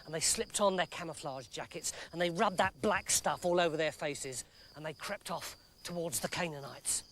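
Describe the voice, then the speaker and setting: A man telling a comic story in a lively, playful way. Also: fairly high pitch, normal speed, slight background noise.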